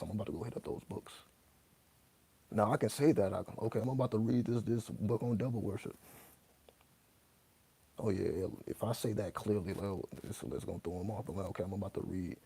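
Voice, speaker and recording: Deep gravelly man, profane and emphatic. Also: mellow. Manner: profane, emphatic, spells out words letter by letter. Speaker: host answering viewer questions. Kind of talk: casual monologue to camera.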